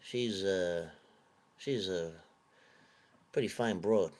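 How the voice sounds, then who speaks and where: Sex: man. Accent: put-on Italian-American mobster. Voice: very low, gruff, profane. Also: takes it slowly, darkish tone. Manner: profane, rambling, gruff wise-guy swagger. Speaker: vlogger. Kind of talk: comic rant in a tough-guy persona.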